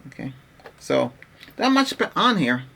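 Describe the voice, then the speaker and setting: A man's voice: fairly high pitch, sing-song, measured pace, creaky, sharp tone. A middle-aged man rambling in an exasperated, casual rant as a tech vlogger, restarting his sentences often. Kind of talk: casual ranting vlog.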